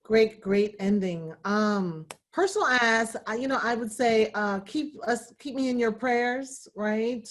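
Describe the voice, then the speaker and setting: A woman in her thirties speaks as a guest over a video call. Her manner is relaxed and encouraging, with playful, joking asides. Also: a little high. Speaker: guest, law firm founder. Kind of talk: casual video-call interview.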